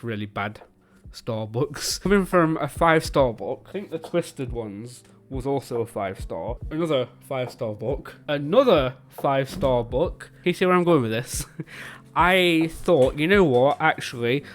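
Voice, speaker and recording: A British man chatting casually about the books he has read, often stumbling over words and correcting himself. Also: mid-range voice. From Britain. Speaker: book vlogger. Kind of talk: casual book review chat.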